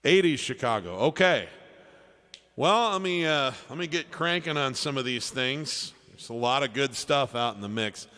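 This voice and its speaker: A man's voice: medium pitch, animated, normal speed, in a large hall. A man hosting a live music stream, chatting casually and thanking viewers by name as he reads their requests. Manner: friendly, thanks viewers by name, trails off softly. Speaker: livestream piano performer reading chat requests. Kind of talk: casual livestream chat.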